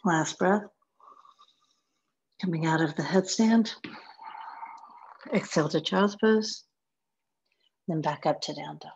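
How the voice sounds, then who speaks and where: Woman yoga teacher, slow spare cues, slightly low voice, practicing along; muffled lo-fi home recording. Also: creaky. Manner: calm, sparse one-word cues, some soft whispered counts. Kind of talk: guided yoga class cues.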